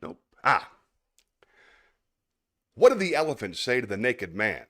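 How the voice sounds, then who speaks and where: A man's voice: mid-range voice, very animated, unhurried, pauses often, a bit bright. A man hosting a casual livestream, chatty and self-mocking, talking to an empty chat into a microphone. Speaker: host. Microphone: microphone close by.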